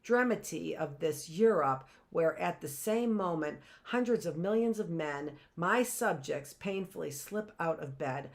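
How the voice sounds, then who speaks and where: A woman teacher reading a novel aloud in a measured, expressive way. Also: on the low side.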